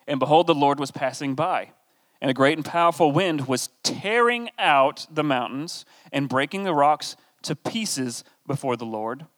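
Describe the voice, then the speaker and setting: A man's voice: a little high, lively intonation, moderate pace, a bit bright, long reverb tail. Conversational man teaching from scripture. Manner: conversational, reads scripture aloud with asides. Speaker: preacher. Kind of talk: Bible teaching.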